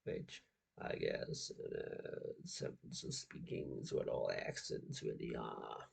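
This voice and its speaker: A man's voice: extremely low pitch, takes it slowly, creaky, slightly rough. A nineteen-year-old man, chatting casually as a streamer, rambling and full of "like". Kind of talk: casual chat.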